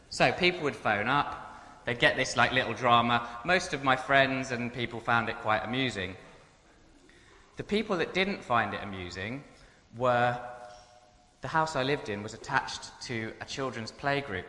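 A man's voice: mid-range voice, expressive, measured pace, sharp tone. A man telling humorous personal stories to an audience in a chatty, self-mocking way. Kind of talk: humorous anecdote told to an audience. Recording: echoey hall with long reverb.

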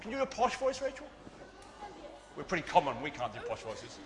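High-voiced man in an echoey hall. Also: fairly quick. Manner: earnest, with many fillers and restarts, lively when leading the children. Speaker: church children's club leader. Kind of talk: addressing a church congregation and children. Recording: long reverb of a big hall.

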